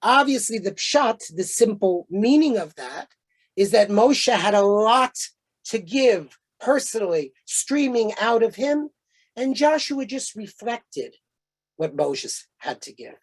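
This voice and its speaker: A man's voice: high voice, sing-song, takes it slowly. Man giving a conversational lecture. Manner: conversational, anecdotal, frequent fillers. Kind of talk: storytelling lecture.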